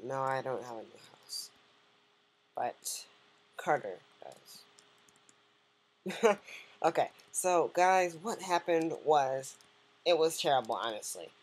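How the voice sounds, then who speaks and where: A woman's voice: rumbling low, lively intonation, takes it slowly, pauses often. A woman giving casual, joking let's-play commentary and chatting to the game's characters. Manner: joking, rambling, talks to game characters.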